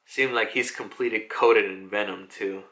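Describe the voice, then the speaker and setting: A man voicing a cool, laid-back young male cook with a low drawl. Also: steady tone, moderate pace, sharp tone. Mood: calm.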